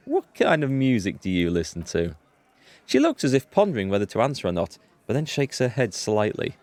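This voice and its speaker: A lively, low-pitched man talks through a game session, thinking aloud and reading on-screen dialogue in a chatty, amused way. His voice swings up and down as he goes. It sounds close-miked and dry, with no room sound. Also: normal speed, no room sound. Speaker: let's play host.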